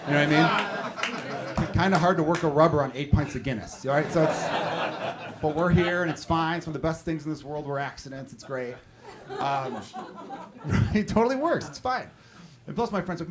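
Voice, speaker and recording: A man's voice: fairly high pitch, lively intonation, a little fast. A man in his thirties doing a stand-up routine on a comedy club stage, talking to the crowd in a conversational, profane way. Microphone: handheld stage mic. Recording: live club, audience laughing. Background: audience laughter.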